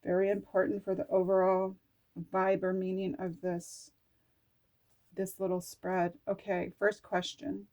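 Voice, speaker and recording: Woman, middle-aged, slow unhurried speech, oracle card reading vlog, self-talking, earnest. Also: mid-range voice, monotone, a little mellow. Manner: chatty, talks to herself while reading card texts aloud; earnest, swears casually.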